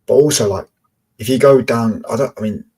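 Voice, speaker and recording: A man's voice: medium pitch, a little fast, warm tone, slightly rough. A young Englishman from Peterborough chatting casually as a podcast co-host, rambling, sweary and blunt. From Peterborough, England. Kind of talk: casual chat.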